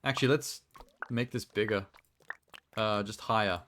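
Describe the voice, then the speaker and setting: A man's voice: mid-range voice, moderate pace, slight background noise. A man streaming a building game and chatting casually, joking and laughing often. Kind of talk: casual live-stream chat while playing a game.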